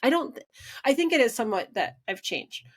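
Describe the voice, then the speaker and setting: A podcast host interviews a guest in casual chat, animatedly telling stories and acting out quoted dialogue while saying "like" and "right" a lot. Her voice is a little high, brisk, and slightly rough.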